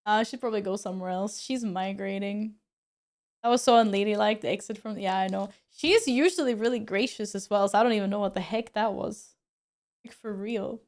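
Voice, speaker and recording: A woman's voice: medium pitch, brisk, a little mellow. A young woman streamer chatting casually with her viewers, laughing often and exclaiming as she comments on her cats.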